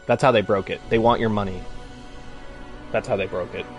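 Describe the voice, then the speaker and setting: A man's voice: fairly low pitch, steady tone, fairly quick, soft background music. A man chatting casually on a live stream, rambling and swearing freely as he rants.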